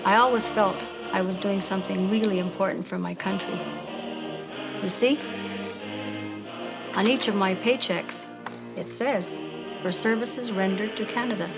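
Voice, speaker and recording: Actress as earnest, proud caretaker; mid voice, loud music beneath. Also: female voice, mid-range voice, measured pace, long pauses, natural voice, low-quality recording. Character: earnest woman beaver caretaker. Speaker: interviewee. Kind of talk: mock-documentary acting.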